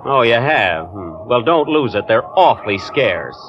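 A man's voice: mid-range voice, very animated, unhurried, highs cut off. A man starring in a 1930s radio comedy sketch, talking in a fussy, indignant and exclamatory way. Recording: noisy old radio broadcast.

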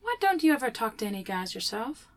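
A woman's voice: fairly high pitch, very animated, quick pace. A woman playing a tired flight attendant who speaks politely and sweetly. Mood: chatty.

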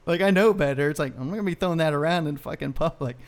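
Speaking very fast in a slightly high voice, a man co-hosting a podcast rants in casual conversation, animatedly spinning rambling stories loaded with profanity.

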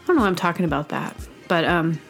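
A woman's voice: on the low side, fast, gravelly, faint music behind. A woman hosting a show, talking in a casual, meandering monologue full of fillers and silly asides. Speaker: host.

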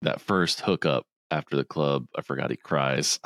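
A man's voice: moderate pace, a bit bright, dry recording. A man casually recapping a film on a podcast, acting out the characters' lines in a raised voice. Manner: retells scenes, acting out quotes in a higher voice. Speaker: podcast co-host. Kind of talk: casual movie recap chat.

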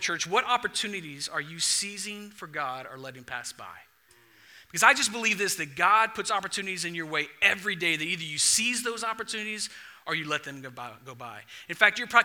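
Young male pastor, high bright voice, animated storyteller in the pulpit. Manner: animated storytelling, acts out dialogue. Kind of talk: sermon.

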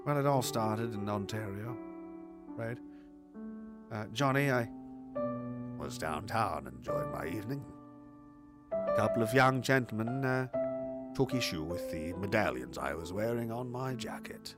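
Man doing a soft-spoken creepy cannibal villain. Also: on the low side, animated, over loud music, voice pushed down. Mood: sinister. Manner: slow, menacing, mock-genteel storytelling.

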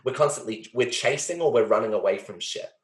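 Expressive and fairly quick, a man with a mid-range voice hosts a podcast conversation of a reflective kind. He talks with earnest feeling, muddling through his thoughts aloud with frequent fillers and an occasional swear, and the sound carries a roomy echo.

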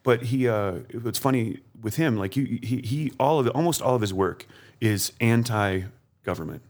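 A man appearing as a podcast guest, talking casually with many restarts and an eager, halting delivery. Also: medium pitch, darkish tone. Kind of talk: casual conversation.

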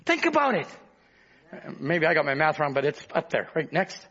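High-pitched preacher guy, super lively, bursts of shouting, muffled lo-fi sound. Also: moderate pace, gravelly. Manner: fervent, often shouting, then dropping low and chatty. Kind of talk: sermon.

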